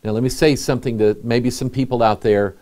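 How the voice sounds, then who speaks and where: A middle-aged man, a pastor, preaching a sermon in an earnest, conversational way with pauses. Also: mid-range voice, steady tone, a little mellow.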